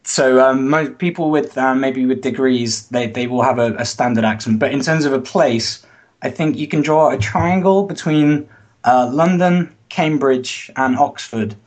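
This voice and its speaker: A man with an average pitch explains things calmly in a casual conversation. He thinks aloud as he goes and fills the gaps with soft "um"s. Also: unhurried. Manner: relaxed and explanatory, with frequent "um"s. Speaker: guest.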